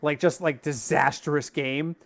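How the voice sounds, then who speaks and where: A man's voice: on the high side, fairly even intonation, a little slow, vocal fry. A man co-hosting a podcast in casual chat, telling stories and acting out the lines of the people in them. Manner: storytelling, acts out quoted dialogue. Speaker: podcast co-host.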